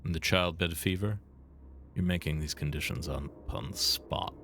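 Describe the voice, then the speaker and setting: A man's voice: sits low, moderate pace, a bit bright, a little hiss or hum. A man reading the lines of a blunt, cold doctor in a game, speaking curtly and accusingly. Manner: curt, accusing. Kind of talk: reading game dialogue aloud.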